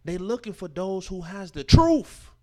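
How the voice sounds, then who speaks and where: A very animated Sabbath scripture class teacher with a high voice preaches, reading verses and explaining what they mean. His delivery shifts from forceful declarations to hushed asides, with key words slowed for emphasis alongside informal speech and rhetorical questions.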